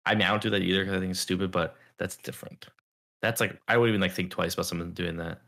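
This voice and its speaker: A young man co-hosting a podcast, chatting casually, rambling with lots of filler words and slipping into animated impressions. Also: deep voice, quick pace, vocal fry. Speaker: podcast co-host. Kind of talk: casual chat.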